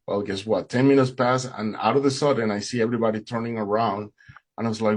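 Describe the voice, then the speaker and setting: A man's voice: mid-range voice, steady tone, quick pace, a little mellow. A man telling a personal faith testimony, recounting events with emotion and acting out the dialogue. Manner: emotional storytelling, acts out dialogue. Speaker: speaker giving testimony.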